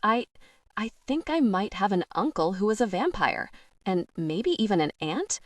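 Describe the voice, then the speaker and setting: A woman's voice: mid-range voice, very animated, moderate pace, no room sound, close to an everyday voice. Woman voicing a snappish teen vampire girl. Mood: guarded. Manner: curt and defensive. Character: prickly teenage vampire girl, guarded and snappish.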